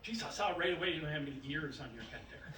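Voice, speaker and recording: A blunt, bumbling young playwright, as a storyteller puts him on. He talks haltingly, with little fillers, in a high voice. The room is echoey and the mic is far away. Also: lively intonation, sharp tone, a little hiss or hum. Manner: halting, hesitant.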